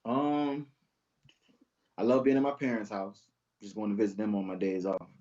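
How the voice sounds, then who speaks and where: A man's voice: on the low side, normal speed, warm tone, lo-fi sound. A young man who is a police officer, chatting as a guest in an easygoing, laid-back way and telling stories from the job. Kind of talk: casual interview chat, storytelling.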